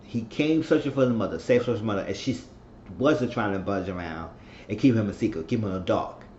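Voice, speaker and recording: A man's voice: lowish voice, a little fast, a little mellow, slight background noise. A man giving a casual TV episode recap, retelling scenes and acting out the characters' lines. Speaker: TV show recap vlogger. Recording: echoey room, dull lo-fi sound.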